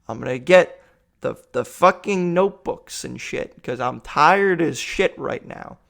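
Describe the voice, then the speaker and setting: A young man with a slightly high voice rambles through a comic rant. He sounds worn out and exasperated, swearing freely as he tells his story. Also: lively intonation, unhurried, vocal fry, a bit bright. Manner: tired, exasperated, profane storytelling. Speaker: vlogger.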